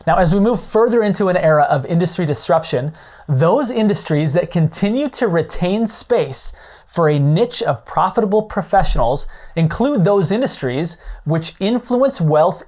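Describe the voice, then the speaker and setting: Here the coach's voice sits high and sounds expressive, with a darkish tone and an ordinary pace. He explains real estate leads and referrals in an instructional way, playing out brief, slightly dramatized phone calls to show how callers sound.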